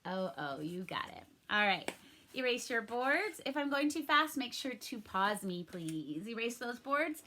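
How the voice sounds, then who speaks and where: A young adult woman teaching a recorded first-grade phonics lesson, cheerful and clearly enunciating each sound. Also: on the high side, very animated, pushed and bright, slight background noise. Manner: cheerful, slow and clearly enunciated, sings and plays at pirate sounds.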